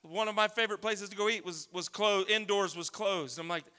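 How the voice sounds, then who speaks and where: A man preaching a sermon, talking conversationally and then building up to loud shouts. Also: sits high, brisk, smooth. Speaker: pastor. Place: church sanctuary. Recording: long reverb of a large hall.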